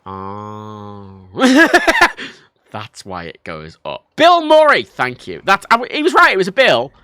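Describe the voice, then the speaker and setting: A young man livestreaming a game, rambling and mocking himself with sudden loud outbursts. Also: fairly low pitch, wildly swooping pitch, slow, clean tone, no echo. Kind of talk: casual gameplay chat.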